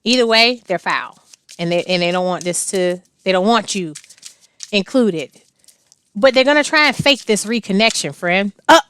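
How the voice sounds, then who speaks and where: A woman's voice: mid-range voice, animated, normal speed, a bit bright, clear, resonant tone. A woman doing a casual tarot reading, blunt and slangy, laughing often and cursing freely. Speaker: tarot reader.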